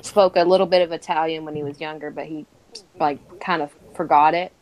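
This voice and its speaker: A woman chatting casually, talking in halting starts with frequent giggles. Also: low-pitched, steady tone, a little mellow, rough recording. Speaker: podcast co-host. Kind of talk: casual chat.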